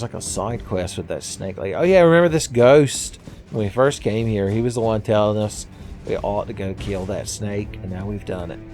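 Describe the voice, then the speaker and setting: A man's voice: fairly low pitch, darkish tone. A man hosting a let's-play of a video game, talking in a wry, sarcastic and profane way and laughing often. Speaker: gaming video host. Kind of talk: casual let's-play commentary.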